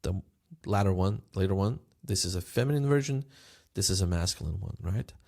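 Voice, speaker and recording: Gravelly, low-voiced man teaching phrases. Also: animated, a little mellow. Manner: patient, repeats phrases slowly for learners. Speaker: language teacher. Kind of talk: language lesson.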